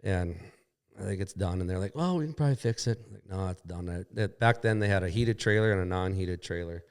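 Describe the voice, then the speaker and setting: Speaking a little fast, this man has a deep, smooth voice with a flat delivery. He's a guest on a podcast, recorded in a shop, casually recounting a crash at length. He rambles, swears, and performs the quoted dialogue.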